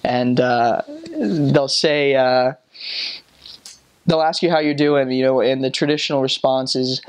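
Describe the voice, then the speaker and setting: A man's voice: mid-range voice, smooth. Young guy chatting about his mission days, laid back, lots of ums. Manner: relaxed, halting, full of fillers. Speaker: former missionary. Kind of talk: casual storytelling.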